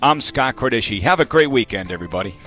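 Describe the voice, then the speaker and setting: Man, sports radio host, upbeat banter, animated pitch, faint background music. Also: fast talker. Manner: upbeat, lively wrap-up banter. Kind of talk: radio show sign-off.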